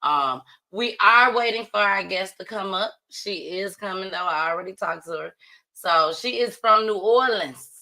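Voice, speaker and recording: A woman hosting a casual livestream talk show, playful and slangy, often laughing and talking loudly. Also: medium pitch, lively intonation, moderate pace, poor audio. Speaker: host.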